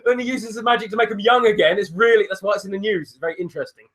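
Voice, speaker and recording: Male co-host, high voice, sarcastic quips. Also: steady tone, very fast, fairly bright tone. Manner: sarcastic, riffing on jokes. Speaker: stream co-host. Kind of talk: casual banter.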